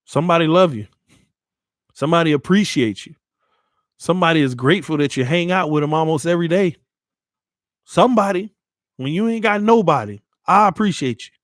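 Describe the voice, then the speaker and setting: A man's voice: fairly high pitch, animated, fairly quick, pauses often, no room sound, clean studio sound. Earnest man urging viewers on. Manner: earnest, repeats phrases, addresses viewers as man and y'all. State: shaken after crying. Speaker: sports channel host. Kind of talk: emotional motivational talk to viewers.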